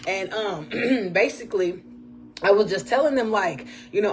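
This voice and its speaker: A woman hosting her own podcast alone, chatting casually about faith in a rambling way, often clearing her throat and with a voice that often sounds strained. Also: medium pitch, unhurried. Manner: churchy phrases, talks to absent guest. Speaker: podcast host.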